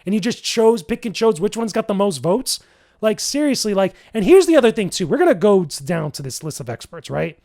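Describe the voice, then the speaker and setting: A man's voice: sits high, sing-song, a little fast. Exasperated man ranting on his podcast. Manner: exasperated, incredulous, rising to loud outbursts; casual slangy talk with many fillers. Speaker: podcast host. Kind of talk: solo podcast rant.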